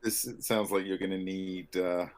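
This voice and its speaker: A man's voice: sits low, steady tone, moderate pace, darkish tone. A man hosting a casual livestream Q&A, giving short, easygoing prompts. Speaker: stream host.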